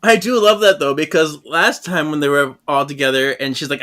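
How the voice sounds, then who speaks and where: A man's voice: fairly high pitch, steady tone, a little fast, bright, forceful tone. A man co-hosting a podcast in casual chat, enthusiastic and laughing often. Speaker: podcast co-host.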